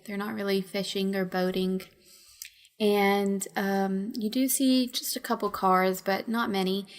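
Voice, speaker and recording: A woman narrating a tabletop role-play game as game master, relaxed and casual, with fillers and laughs. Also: mid-range voice.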